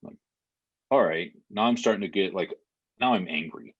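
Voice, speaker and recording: Deep-voiced man telling a story. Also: moderate pace, breathy edge, lo-fi sound. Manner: vivid retelling with many fillers. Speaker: podcast guest. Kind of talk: emotional storytelling in conversation.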